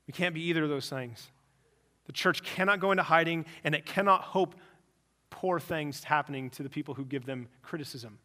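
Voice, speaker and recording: A man delivering a sermon at his church with a bright, forceful tone. His pitch sits a little high for a man. He keeps it lively and conversational, slipping into quick acted-out voices of imagined people. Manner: animated, acts out imagined people in quick asides. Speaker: pastor.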